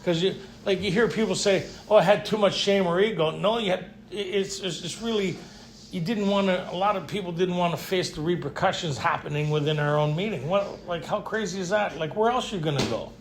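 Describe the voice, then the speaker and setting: His voice sits high and moves fairly quickly, with slight background noise as he addresses a live recovery group at a retreat meeting room. He spins lively, blunt tales full of joking bravado, repeatedly tossing out a rhetorical "right?"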